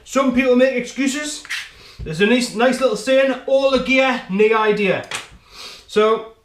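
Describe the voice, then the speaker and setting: Speaking at a measured pace in a very high-pitched voice, this man hosts a home cooking show and jokes around with viewers while showing how to chop in his kitchen. His manner is chatty and direct, peppered with frequent "right?" asides. There's an echo from the kitchen and a faint noise underneath.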